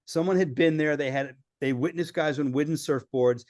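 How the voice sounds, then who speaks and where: A man telling lively travel stories as a podcast guest, acting out the people he quotes. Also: fairly high pitch, moderate pace, no echo, studio quality. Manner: animated storyteller acting out quoted voices. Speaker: filmmaker guest. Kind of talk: storytelling in a podcast interview.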